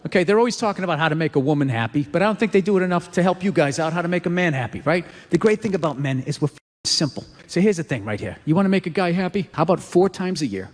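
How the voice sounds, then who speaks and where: A man's voice: a little high, animated, very fast, hardly any pauses, big-room sound. A male stand-up comedian delivering a ranting, profane routine.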